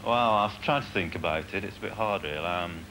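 A man's voice: low voice, brisk, sharp tone. A modest, hesitant man, an amateur wrestler, talking about his first fight. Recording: noisy 1980 TV documentary sound.

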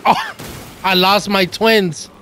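Excitable high-voiced man gaming. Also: takes it slowly, slight background noise. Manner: excitable, swearing, laughing often. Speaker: gaming channel host. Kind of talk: casual gameplay commentary.

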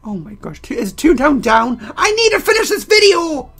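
A man giving casual game commentary while playing, excitable and prone to loud outbursts, his throat getting strained. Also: very high-pitched, normal speed, faint music behind. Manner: excitable, bursts into loud yelling. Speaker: let's play gamer.

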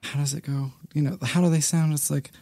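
A man's voice: on the high side, steady tone, gravelly, warm tone, slight background noise. A man in his thirties, a guest on a podcast, talking in an easygoing way and laughing often. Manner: easygoing, laughs often, quick bursts of talk. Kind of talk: casual interview chat.

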